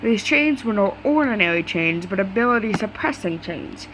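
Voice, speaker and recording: A woman reading a fan story aloud in a relaxed, unpolished way. She trips over words and restarts, then carries on. Her voice sits at a middle pitch. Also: moderate pace, noisy background. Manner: casual, stumbling, swears in asides. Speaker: story reader.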